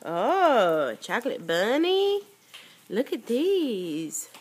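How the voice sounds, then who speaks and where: A woman's voice: fairly high pitch, wildly swooping pitch, very slow, background noise. A mother in a home video, talking to her toddler in sing-song, coaxing baby talk.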